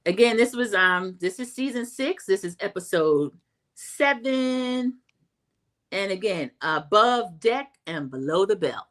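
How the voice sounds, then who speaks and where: A woman's voice: animated, measured pace, fairly bright tone. Middle-aged woman, drawl, casual recap host, chatty, mimics quotes. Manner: chatty, acts out quotes in a high voice, says "y'all".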